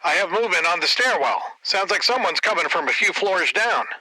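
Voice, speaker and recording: A man doing a hushed soldier over crackly radio comms. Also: high-pitched, lively intonation, fairly quick, husky, dry recording, pitched above the performer's own voice, full character voice. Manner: hushed, clipped. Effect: radio comms filter.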